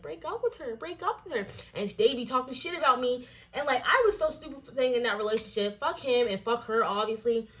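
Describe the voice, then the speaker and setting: A young adult woman telling a personal story in a casual vlog, animated and full of fillers and swearing. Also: on the high side. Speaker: vlogger.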